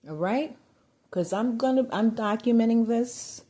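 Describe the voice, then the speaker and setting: A woman venting in a rambling personal vlog, getting agitated and loud when riled. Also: fairly high pitch, unhurried. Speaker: vlogger.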